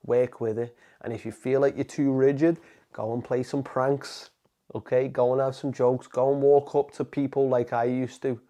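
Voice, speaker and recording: A man's voice: medium pitch, mellow. A man, a motivational coach, talking straight to camera in an emphatic, casual way and calling the viewer "man". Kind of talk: direct-to-camera motivational talk.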